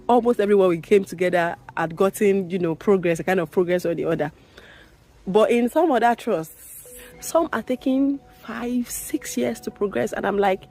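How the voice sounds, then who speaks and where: A young woman speaks candidly to camera about her work as a midwife. Her voice sits at a middle pitch and she presses her points by repeating them. Faint music plays behind her. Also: a little mellow. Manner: emphatic, repeats phrases, rises in pitch when indignant. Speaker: midwife vlogger. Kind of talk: candid talking-to-camera vlog.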